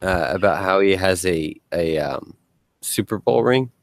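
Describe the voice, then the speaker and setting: A man's voice: deep voice, a little slow, no echo. A man hosting a casual panel chat who tells rambling, joking stories and swears freely.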